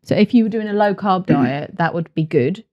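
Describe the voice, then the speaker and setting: A woman's voice: on the low side, lively intonation, moderate pace, dull audio. Laughing woman steering a review. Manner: laughs often, keeps the review on track. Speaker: podcast co-host. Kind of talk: casual chat, cereal review.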